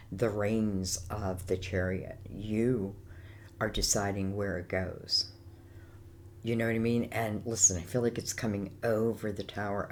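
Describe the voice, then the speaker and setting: A woman's voice: very deep voice, a little mellow, slight background noise. An Irish woman giving a casual, rambling tarot reading, full of fillers like "you know" and "I feel like". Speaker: tarot reader.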